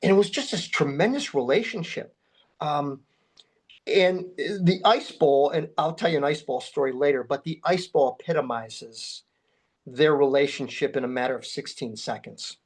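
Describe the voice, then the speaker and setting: A man guest telling a long story in an interview. He talks at a middling pitch and swings sharply higher whenever he acts out someone's words. His delivery is animated and full of restarts. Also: moderate pace. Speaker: guest, memorabilia collector.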